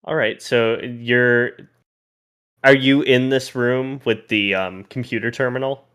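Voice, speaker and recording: A man's voice: medium pitch, fairly even intonation, slow pace, a bit bright, smooth. A man narrating a tabletop role-playing game as game master, in a casual, loose way that thinks aloud.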